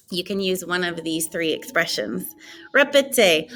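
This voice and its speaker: A woman French teacher giving a recorded classroom lesson, modeling each French word in a raised, drawn-out voice for students to repeat. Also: medium pitch, very animated, fairly bright tone, faint music behind.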